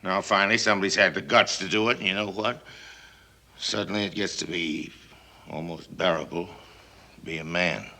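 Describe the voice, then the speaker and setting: A man's voice: low-pitched, fairly even intonation, normal speed, long pauses, bright, forceful tone. An actor playing a brash, boastful TV showman in a 1950s film, talking in a bombastic, domineering way. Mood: defiant. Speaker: TV broadcaster on safari.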